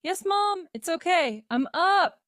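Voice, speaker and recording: A woman's voice: mid-range voice, slow pace, dry recording, clean studio sound, natural voice. Woman voicing a cheerful young man. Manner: brief, cheerful replies.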